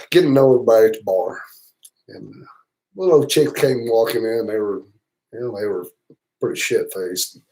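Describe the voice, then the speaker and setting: A man's voice: mid-range voice, dark tone, rough recording. A man with a Southern US accent, hosting a livestream and spinning rambling, profane, teasing stories in a casual way. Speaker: motorcycle travel channel host.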